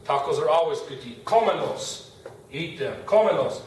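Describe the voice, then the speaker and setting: Echoey, distant male Spanish teacher. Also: mid-range voice. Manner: patient, repeats example words slowly. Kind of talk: classroom grammar lesson. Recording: very echoey room, distant mic, faint hiss.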